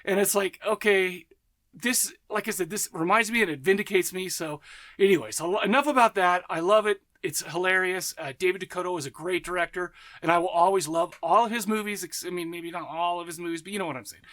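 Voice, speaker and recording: High-pitched and brisk, with a fairly bright tone, a man runs a horror movie podcast in an easygoing, enthusiastic monologue. He wanders off track and interrupts himself to fix his wording. He laughs and voices the people in his anecdotes.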